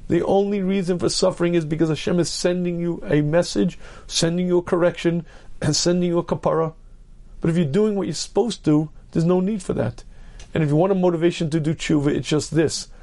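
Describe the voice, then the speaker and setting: Brief: rabbi, lecture voice, gravelly and dark, emphatic. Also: male voice, high voice, brisk. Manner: earnest, emphatic, repeats key phrases; clears throat often. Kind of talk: Torah lecture.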